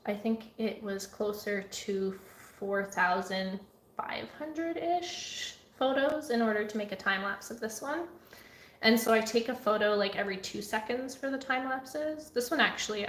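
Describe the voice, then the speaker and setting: A woman artist talking casually and chattily through her computer work, at times dropping to a soft murmur. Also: on the high side, reverberant. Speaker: artist vlogger. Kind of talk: casual vlog talk. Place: home art studio.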